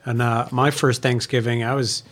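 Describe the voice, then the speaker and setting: A man's voice: mid-range voice, flat delivery, normal speed, fairly bright tone. A man in an easygoing group conversation. He chips in with short, dry, teasing comments. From Scotland. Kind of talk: casual chat.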